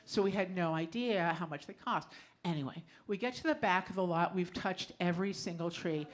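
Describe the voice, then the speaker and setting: On a small club stage, a middle-aged woman with a lowish voice performs a personal story live. Her telling is conversational, and she laughs often along the way.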